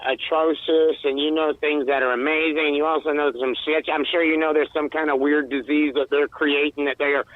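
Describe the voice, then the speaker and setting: A man's voice: a little high, level tone, brisk, few pauses, dry recording. A man in casual chat, asking rambling, hesitant questions. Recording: tinny phone-like line.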